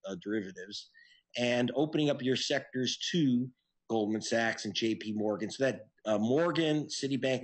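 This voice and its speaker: A man answering interview questions as an investigative reporter, telling his story in an earnest, animated way. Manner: earnest, animated storytelling with sudden pitch jumps.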